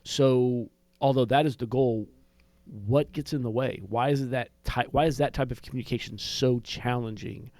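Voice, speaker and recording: A man's voice: mid-range voice, fairly even intonation, normal speed, darkish tone, dry recording. A man hosting a podcast, chatting casually and asking his guest probing questions, with fillers and restarts along the way. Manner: conversational, asks probing questions with many fillers. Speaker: podcast host.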